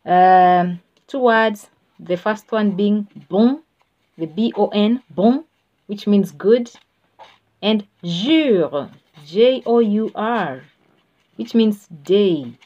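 Female teacher, unhurried and patient, repeats words for learners, mid pitch, dull low-fi recording. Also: expressive. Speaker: French teacher. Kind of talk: slow spoken language lesson.

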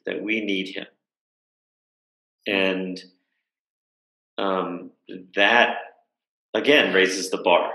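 A man's voice: sits low, gravelly, pushed and bright, roomy sound, low-quality recording. A man speaking as a guest in a video-call conversation, telling a reflective story in a thoughtful way, with fillers and frequent rhetorical questions.

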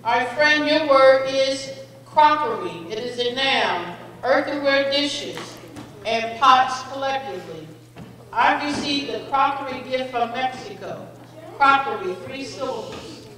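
High-voiced woman pronouncing words in an echoey hall. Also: fairly bright tone. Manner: measured and patient, calls each child friend. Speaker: spelling bee pronouncer. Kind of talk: reading words, definitions and sample sentences. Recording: echoey hall, voice far from mic, faint noise.

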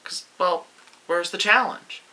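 Vlogger, male, bright forceful voice, sarcastic gloating delivery, casual monologue. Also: sits high, takes it slowly, rough recording.

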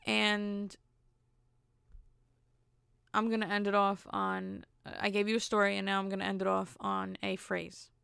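Young woman podcaster, gravelly fry in her voice, super blunt, dead dry sound. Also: mid-range voice, no echo. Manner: blunt, candid storyteller; animated, acts out quotes. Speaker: podcast host. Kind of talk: casual solo podcast monologue.

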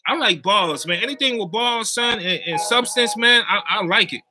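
A man talking casually to his viewers on a livestream, slangy and animated, and he keeps checking in with his audience. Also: high-pitched, moderate pace. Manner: slangy, animated, keeps checking in with "you know what I mean". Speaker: YouTuber live-chatting with viewers.

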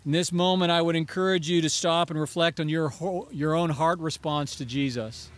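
A man's voice: a little high, fairly even intonation, moderate pace. A man preaching a sermon as pastor, earnest and rising to emphatic pleading on key phrases.

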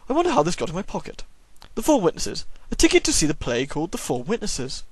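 Man, let's play host, sore throat, sarcastic commentary, bouncy pitch. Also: wildly swooping pitch, very fast, dry recording. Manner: jokey, sarcastic. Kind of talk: gameplay commentary.

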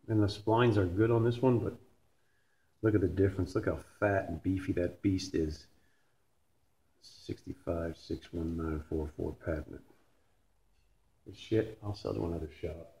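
A man's voice: sits low, moderate pace, pauses often, dark tone. A Canadian man with a Canadian accent rebuilding a transmission in his repair shop, talking casually with blunt jokes and swearing. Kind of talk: casual shop talk while working. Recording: noisy shop recording.

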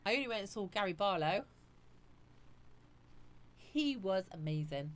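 A woman's voice: mid-range voice, lively intonation, unhurried, long pauses. A woman hosting a live stream, chatting casually and reading viewer comments aloud.

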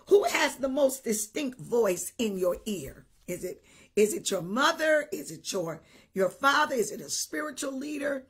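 A woman preaching a livestream sermon with a very husky, breathy voice that sits a little high. She repeats her points with emphasis, tosses in hallelujahs and calls out viewers by name. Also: very animated, slow, long pauses, a bit bright. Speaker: bishop preaching.

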